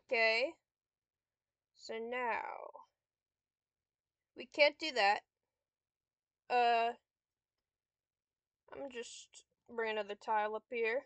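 A woman's voice: a little high, steady tone, drawn-out words, long pauses, fairly bright tone, clear, resonant tone, no room sound. A young woman giving casual gameplay commentary, swearing and snapping frustrated insults at a computer opponent. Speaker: gamer vlogger.

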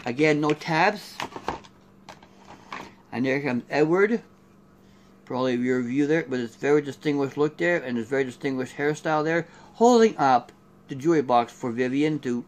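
A man's voice: medium pitch, lively intonation, moderate pace. Rambling man reviewing collectible figures. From Canada. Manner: rambling, repeats "there" and "here" a lot. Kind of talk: casual unboxing review.

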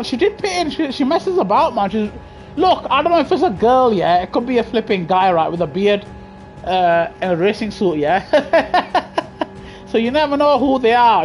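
A man streaming a sim racing game live, bantering in a jokey, laughing, cheeky way into a gaming headset at his home rig. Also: very high voice. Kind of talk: live gameplay commentary.

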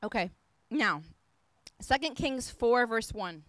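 A woman's voice: sits high, unhurried, fairly bright tone, no room sound. A woman apostle preaching a sermon, fervent and emphatic, repeating phrases as she exhorts her listeners.

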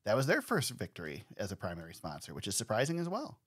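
Animated man hosting a racing podcast. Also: lowish voice, fast, slightly rough. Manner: lively, laughing, easygoing. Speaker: podcast host. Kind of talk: casual chat.

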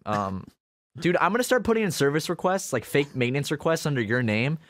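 A young man co-hosting a casual podcast, telling a story with animated delivery and bursts of laughter. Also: on the high side, a little fast, no echo, clean studio sound. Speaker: podcast co-host.

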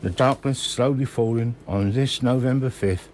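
A man in his sixties from Kent, reading his own memoir slowly and measuredly in a radio studio. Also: medium pitch, darkish tone, slight background noise.

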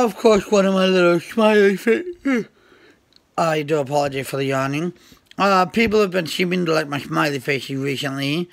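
A man's voice: mid-range voice, gravelly, fairly bright tone. A man casually showing off his painted rocks, talking hesitantly with many ums and uhs. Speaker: rock painting hobbyist showing his work. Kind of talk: casual show-and-tell.

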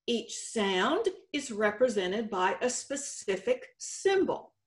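A woman with a Texan accent giving a conference presentation with slides, explaining slowly and deliberately, stretching out example words. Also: fairly high pitch, very animated. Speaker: state contest director presenting. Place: conference session room.

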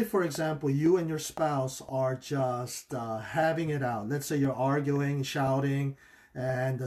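A male pastor with a fairly high voice gives a livestreamed marriage teaching in a relaxed, conversational way. He often checks in with a quick "okay?" and puts on animated voices when quoting people's excuses.

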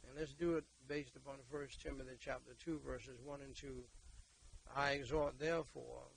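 Man, preacher, gravelly and mid-pitched, preaches in loud bursts and quiet stretches. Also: fairly even intonation, normal speed, slight background noise, low-quality recording. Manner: emphatic, repeats words, swings between loud exhortation and quiet talk. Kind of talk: sermon and prayer.

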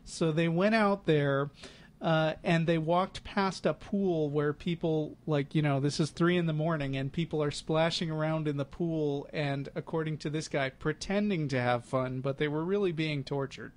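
A man with a fairly high-pitched voice co-hosts a podcast in easy, casual chat. He tells a story like a chatty storyteller and drops amused, sarcastic asides. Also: steady tone, normal speed. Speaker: podcast co-host.

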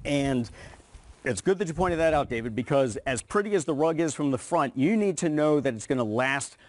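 A man's voice: a little high, expressive, brisk, no room sound. Upbeat salesman with a dry sound. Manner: enthusiastic, persuasive. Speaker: rug company representative. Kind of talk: home shopping sales pitch. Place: TV studio.

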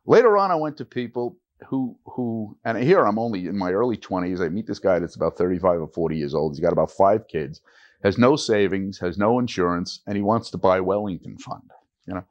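A man's voice: sits low, a little fast, muffled recording. An older man, a retired teacher, telling stories in an oral history interview and animatedly acting out the people he quotes. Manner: animated storyteller who acts out quoted voices.

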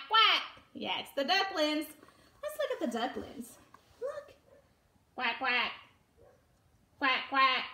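A woman's voice: high-pitched, pushed and bright, roomy sound. A woman preschool teacher reading a picture book aloud to young children, sing-song and exaggerated, coaxing them to join in. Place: room at home.

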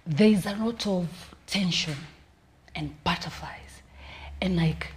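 A young Kenyan woman, a comedian, telling stories in a casual interview with a lively, laughing manner. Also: fairly low pitch, measured pace. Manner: lively storytelling, laughing often. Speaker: comedian guest.

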